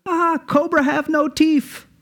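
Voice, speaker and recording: A man voicing a mocking male snake charmer who speaks high, broken English. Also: flat delivery, takes it slowly, fairly bright tone, heavily acted.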